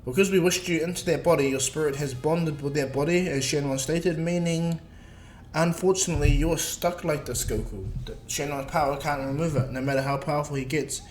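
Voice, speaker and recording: A man's voice: a little high, steady tone, a little fast, a little hiss or hum, close to an everyday voice, low-quality recording. A man doing a breezy young woman inventor.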